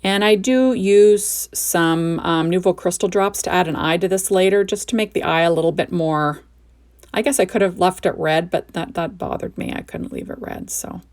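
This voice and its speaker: Gravelly chatty woman crafter. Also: fairly low pitch. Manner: chatty, enthusiastic, often asks "right?". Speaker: crafting video host. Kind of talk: card-making tutorial narration.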